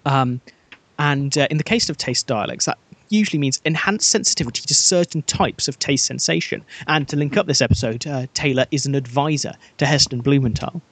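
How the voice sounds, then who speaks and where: Husky-voiced man hosting a podcast. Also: mid-range voice, a little fast, a bit bright, dry recording. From Black Country, England. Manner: dry, jokey, self-mocking. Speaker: podcast host. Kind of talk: casual podcast chat.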